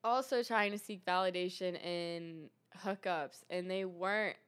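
Young woman guest, low and resonant, telling her story earnestly in relaxed chat. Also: measured pace, clean tone. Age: young adult. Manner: earnest, many fillers and restarts. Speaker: guest sharing testimony. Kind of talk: casual faith testimony chat.

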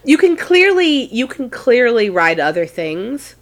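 A woman co-hosting a podcast, playful and a little halting in casual, suggestive chat. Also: fairly high pitch, sing-song. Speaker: podcast co-host.

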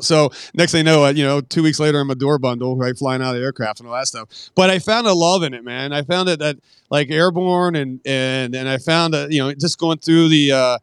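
A man's voice: a little high, clean tone, dry recording, studio quality. A middle-aged man telling stories in a casual interview, laid-back and profane, acting out what other people said. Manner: profane, laid-back storyteller, acts out quoted voices. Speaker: podcast guest.

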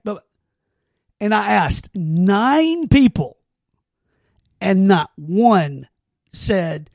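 A man with a high, gravelly voice tells stories on a podcast. He talks earnestly and rambles, often restarting his sentences. The sound is close and dry. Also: animated, slow, pauses often, darkish tone, no room sound. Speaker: podcast host. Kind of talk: casual heartfelt conversation.

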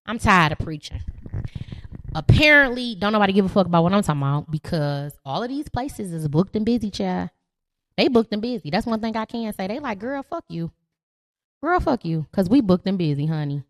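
Young woman, podcast host; loud, profane, preachy rant with a lively, swooping delivery. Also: mid-range voice. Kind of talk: ranting monologue.

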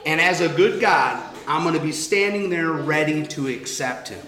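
A man puts on the voice of God as a patient, proud father, pitched well above his usual voice and animated, with a near shout. It sounds from a reverberant room with people close by. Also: moderate pace. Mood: playful.

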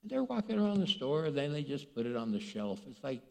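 A man's voice: high-pitched, big pitch swings, fairly quick, vocal fry, few pauses, mellow. A man preaching a sermon as pastor, telling stories animatedly and acting out the voices of the people in them. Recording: long reverb of a large hall.

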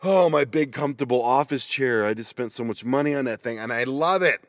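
A man's voice: mid-range voice, a little fast, dry recording, studio quality. A man chatting casually and rambling with goofy self-mocking asides, recorded on a laptop inside a parked minivan. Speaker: vanlife vlogger. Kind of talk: casual solo chat. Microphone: laptop microphone.

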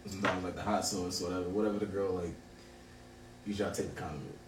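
A man's voice: sits low, level tone, fast. A young man co-hosting a casual show, laid-back and full of "like", answering in short easy replies. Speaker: co-host, the host's son. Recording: roomy, distant mic with faint background noise.

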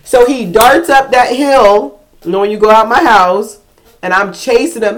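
A middle-aged woman telling a story in casual chat, animated, acting out voices and laughing in bursts. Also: mid-range voice, normal speed. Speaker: podcast co-host.

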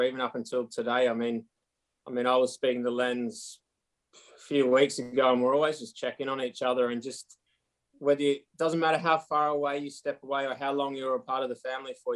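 A man in his thirties from Australia with an Australian accent, chatting easily as an interview guest and running his sentences together. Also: mid-range voice. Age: 30s. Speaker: guest athlete. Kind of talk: casual interview over a call.

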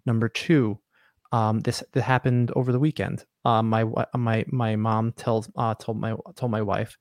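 A man telling a casual anecdote on a video call podcast, halting and correcting himself often. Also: flat delivery, a little mellow, no room sound, studio quality. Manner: halting, self-correcting, drops low when quoting.

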